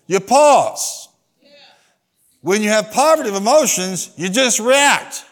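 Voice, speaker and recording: A man's voice: sits high, lively intonation, slow pace. A pastor preaching a sermon in a church. He asks the congregation to answer back and acts out the people in his stories. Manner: preaching with call-and-response to the congregation.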